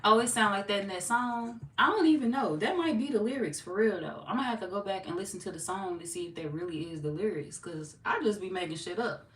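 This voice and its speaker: A woman's voice: medium pitch, expressive, fast, hardly any pauses, fairly bright tone. A woman chatting casually as a tarot reader, laid-back and talkative as she reads viewer comments aloud. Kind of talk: casual live-stream chat. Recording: echoey room, mic far off, noisy.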